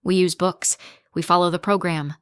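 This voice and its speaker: A woman's voice: on the low side, fairly even intonation, moderate pace, clean tone, no room sound, lightly acted. A woman reading as a stern male principal.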